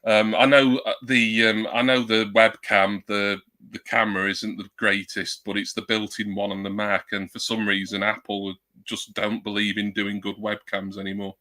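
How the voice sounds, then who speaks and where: A man with a low, bright and forceful voice chats on a home live stream into a desktop USB mic. He rambles, fills gaps with ums and pokes fun at himself. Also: flat delivery, moderate pace. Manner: rambling, chatty, self-deprecating, many ums. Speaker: livestreamer. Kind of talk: casual live-stream chat. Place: at home at a computer. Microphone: new desktop USB microphone.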